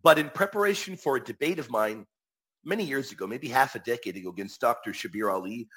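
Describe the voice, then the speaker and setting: A man's voice: medium pitch, expressive, fast talker, fairly bright tone, slightly rough. A man answering viewer questions on faith in a casual live talk, emphatic and repeating his key phrases.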